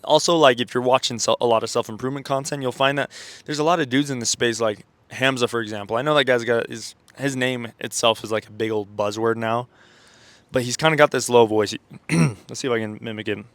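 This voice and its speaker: A man's voice: medium pitch, steady tone, a little fast, a bit bright. A man with congested sinuses talks through a casual motivational vlog in a mid-range voice. He rambles, restarts his sentences and keeps checking in with "okay?" and "right?". The sound is dry and close, with no room echo. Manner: rambling, full of fillers and self-corrections. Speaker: self-improvement content creator.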